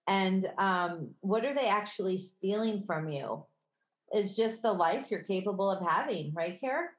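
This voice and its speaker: A woman's voice: medium pitch, animated, unhurried. Chatty Midwestern woman, echoey room. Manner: chatty, laughs often, candid. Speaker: podcast co-host. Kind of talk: casual chat.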